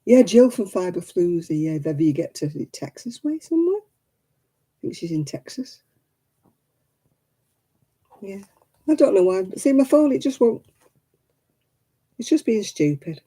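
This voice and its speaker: A woman's voice: mid-range voice, big pitch swings, measured pace, long pauses, warm tone, breathy edge. A woman hosting a casual craft live stream, chatty and rambling, laughing often.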